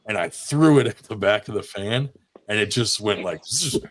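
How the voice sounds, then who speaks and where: A man's voice: on the low side, moderate pace. A man telling a long jail story in casual chat, swearing often and acting out the other people's voices. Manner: animated, swears a lot, acts out voices in his anecdotes.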